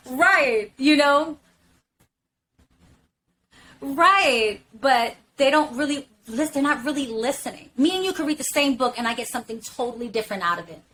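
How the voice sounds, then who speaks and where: Blunt, outspoken woman with a higher voice. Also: animated, normal speed, long pauses, bright, forceful tone, slight background noise, poor audio. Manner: candid, emphatic, swears freely; repeats fillers like "literally" and "you know what I'm saying". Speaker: podcast talker. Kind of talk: casual podcast discussion.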